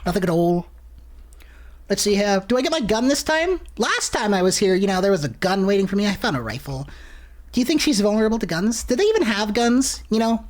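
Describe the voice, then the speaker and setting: A woman streaming a horror game, ranting and swearing with sudden shouts. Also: mid-range voice, animated, a little fast. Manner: profane, exasperated rants with sudden shouts. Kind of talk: casual gameplay commentary.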